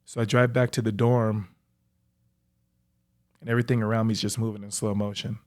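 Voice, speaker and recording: Reflective man telling his story. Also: fairly low pitch. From United States. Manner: reflective, halting, with frequent "like" fillers. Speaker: professional athlete telling his life story. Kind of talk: personal storytelling.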